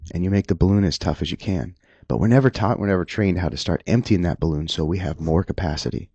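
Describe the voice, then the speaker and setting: Deep gravelly-voiced police officer talking candidly. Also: male voice, dark tone, no echo. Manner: earnest, emotional, halting with restarts. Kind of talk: candid personal talk.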